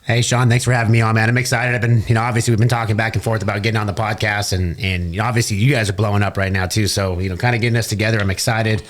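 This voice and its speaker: Guy from socal rattling off a story super fast, lowish voice, swears a lot and acts out what people said. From Southern California. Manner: fast, profane, animated retelling with quoted dialogue. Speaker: podcast guest, business owner. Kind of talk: casual interview storytelling. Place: recording studio.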